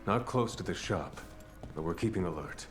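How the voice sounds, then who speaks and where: A man's voice: low voice, lively intonation, moderate pace, soft background music. An actor playing a watchful male shopkeeper in a fantasy video game.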